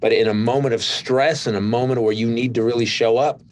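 A man's voice: medium pitch, steady tone, fairly quick, a little mellow. A middle-aged male comedian telling stories in casual conversation, rambling with lots of restarts. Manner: rambling storytelling with many restarts. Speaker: comedian, guest.

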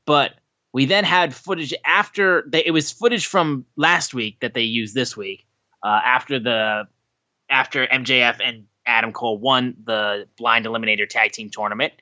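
A man co-hosting a podcast in casual chat, animated and swearing freely as he recaps shows. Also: medium pitch, normal speed, no room sound, muffled recording. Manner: animated, swearing, acts out quotes. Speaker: podcast co-host.

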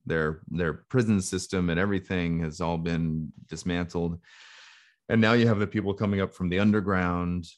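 A man's voice: low voice, steady tone, moderate pace. A man co-hosting a podcast, talking in a thoughtful, rambling way with frequent restarts. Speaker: podcast co-host. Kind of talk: casual chat.

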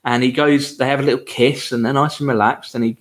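A man's voice: mid-range voice, steady tone, fast talker. A man co-hosting a podcast, casually retelling a TV episode with lots of fillers and frequent laughs. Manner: chatty, laughs often, drifts through fillers while retelling scenes. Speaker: podcast co-host. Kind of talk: casual chat recapping a TV episode.

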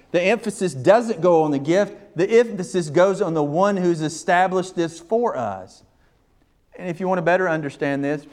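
Serving as pastor, a man delivers an emphatic sermon, repeating his phrases and swinging between hushed and forceful. His voice is on the high side.

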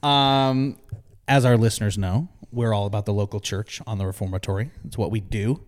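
A man's voice: lowish voice, steady tone, a little fast. A man co-hosting a podcast, chatting casually, joking and rambling as he talks. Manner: joking, rambling, laughs often. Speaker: podcast co-host. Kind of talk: casual chat.

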